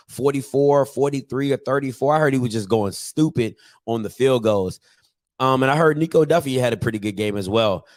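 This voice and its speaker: A man hosting a casual live-streamed sports talk show, animated and exasperated, repeating himself for emphasis. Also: medium pitch, dry recording. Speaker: host of a college football show.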